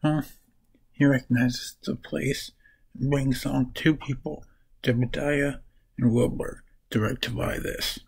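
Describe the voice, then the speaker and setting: A man's voice: mid-range voice, steady tone, unhurried, vocal fry, a little mellow, husky, poor audio. A man casually summarizing comic books for his vlog, rambling and correcting himself as he goes. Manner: rambling, restarts and corrects names while summarizing. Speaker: comic book reviewer.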